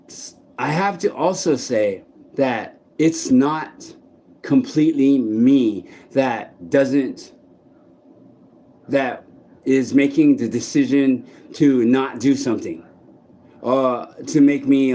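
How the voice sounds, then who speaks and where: A man vlogging outdoors in a park, speaking in a blunt, halting monologue full of restarts and swearing. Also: mid-range voice, mellow. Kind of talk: candid personal monologue.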